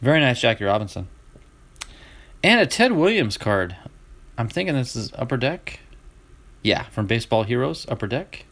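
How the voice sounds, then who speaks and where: Middle-aged man, Southern US accent, relaxed chat as a card-breaking streamer, restarts a lot and laughs along. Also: medium pitch, moderate pace, pauses often. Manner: chatty, laughs easily, restarts and trails off. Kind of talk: casual chat.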